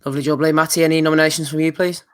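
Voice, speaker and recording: A man hosting a podcast, chatting briskly and handing over to the others. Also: on the high side, little pitch movement, clean tone. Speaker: podcast host. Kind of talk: casual banter.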